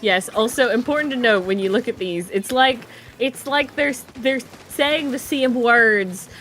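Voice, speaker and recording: A woman's voice: on the high side, a little slow, a bit bright. Woman, esports color commentary, chatty, laughs often, faint background music.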